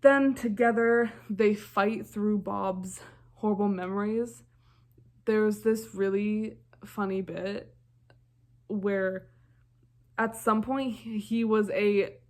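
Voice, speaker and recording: A young woman casually recapping a film's plot in a rambling, enthusiastic way, full of fillers. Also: mid-range voice. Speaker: film reviewer.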